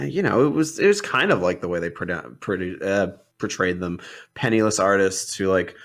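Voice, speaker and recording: A man in a loose, casual film debate who keeps restarting his sentences and leaning on fillers. His voice sits a little low, and his delivery is animated and sarcastic. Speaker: podcast co-host.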